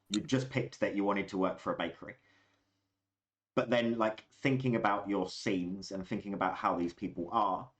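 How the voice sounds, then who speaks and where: A man chatting calmly as game master, explaining his choices in long flowing sentences. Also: low-pitched. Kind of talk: casual chat.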